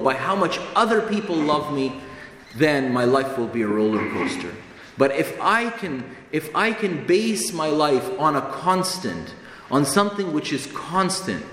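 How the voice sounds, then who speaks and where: A man's voice: mid-range voice, a little hiss or hum. Earnest preacher man in an echoey hall. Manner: earnest, emphatic, repeats phrases for stress. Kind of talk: sermon. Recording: echoey hall with long reverb, faint ambience.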